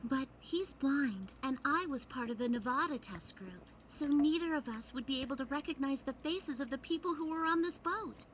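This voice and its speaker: An actress voicing an earnest, emotional young woman in a video game, speaking in a halting, tearful, heartfelt way. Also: sits high, animated, a bit bright, slight background noise.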